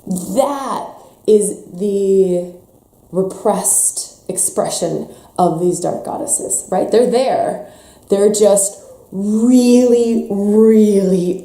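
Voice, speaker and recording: A woman leading a spiritual workshop talk, speaking passionately and swinging between soft and emphatic delivery, with some swearing. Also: mid-range voice, slow pace. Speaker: workshop leader. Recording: echoey room.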